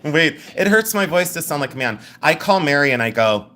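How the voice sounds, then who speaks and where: A man's voice: on the high side, a little fast. A man hosting a live jewelry sale, chatting, teasing and laughing as he shows rings. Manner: animated, giggly, teasing. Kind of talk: live-stream sales chat.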